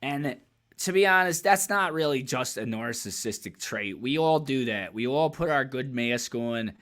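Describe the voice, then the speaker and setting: A man's voice: mid-range voice, expressive, moderate pace, fairly bright tone. A man hosting a reaction video, talking candidly and at length in a rambling, profane way and laughing often. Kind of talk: casual reaction commentary.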